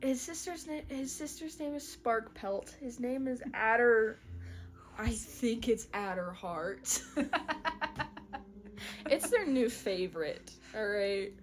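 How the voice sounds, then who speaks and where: A young woman recapping a story in casual chat, giggling often and telling it in an animated way. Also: on the high side, slow pace. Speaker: co-host.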